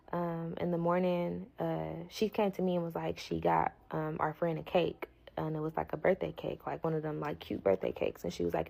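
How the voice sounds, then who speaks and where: Blunt, low, gravelly woman storyteller. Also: low-quality recording. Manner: blunt, slangy and profane, animated retelling. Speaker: storyteller vlogger. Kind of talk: casual storytime.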